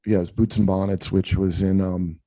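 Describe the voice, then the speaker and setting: A man's voice: deep voice, little pitch movement, a little fast, mellow, dry recording. A man hosting a comedy podcast, telling rambling, profane stories in casual chat. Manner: profane, rambling anecdotes with acted-out quotes.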